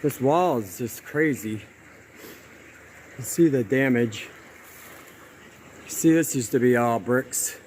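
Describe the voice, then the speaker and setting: A man talking into a handheld phone as he walks outdoors along a canal, amazed and out of breath. His voice sits at an everyday middle pitch, and he keeps repeating himself as he points things out to viewers. Wind and passing vehicles come through clearly behind him. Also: slow, pauses often, darkish tone, poor audio. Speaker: vlogger exploring brick ruins. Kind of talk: casual walking commentary.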